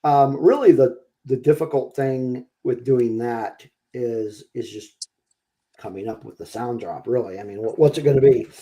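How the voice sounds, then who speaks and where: A man's voice: mid-range voice, moderate pace, dark tone. A man co-hosting a live-streamed podcast in casual chat, hesitant, with many ums and restarts. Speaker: podcast co-host.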